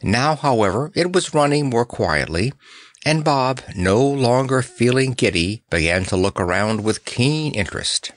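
A man reading a children's story aloud in an expressive, animated way. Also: mid-range voice, unhurried, dry recording. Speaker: audiobook narrator. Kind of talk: storybook narration.

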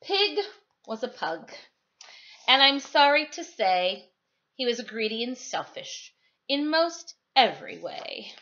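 Woman teacher, storytime, expressive, slow, bright voice. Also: on the high side, highs cut off, a little hiss or hum. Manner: animated, expressive, sing-song. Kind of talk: reading a picture book aloud to children. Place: home, indoors.

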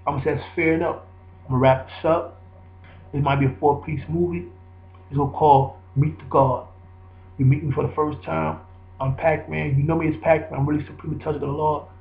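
A man's voice: fairly high pitch, vocal fry. A man giving a rambling, preachy spoken monologue, repeating himself for emphasis. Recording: echoey, dull lo-fi recording.

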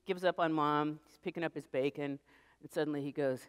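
A middle-aged American woman giving a lively public lecture, telling stories and acting out little voices. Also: sits low, brisk, clean tone. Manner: animated storytelling, acts out voices. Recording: reverberant lecture hall.

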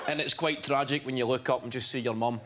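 Deadpan Scottish comedian telling stories. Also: male voice, mid-range voice, fast talker. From Scotland. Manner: dry, deadpan storytelling. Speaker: comedian guest. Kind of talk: chat show anecdotes. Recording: loud background noise. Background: studio audience laughter.

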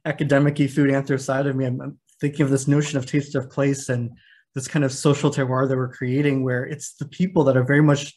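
A man moderating a panel over a video call, at an ordinary middle pitch. He frames ideas in an academic way, pausing on fillers as he goes. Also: flat delivery, a little mellow. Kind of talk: panel discussion.

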